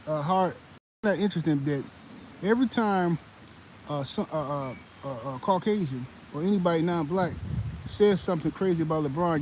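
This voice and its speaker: Male sports channel host, fired-up rant, slightly high voice, faint noise behind. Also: rough recording. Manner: animated, heated, many fillers and restarts. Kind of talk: live-stream sports commentary.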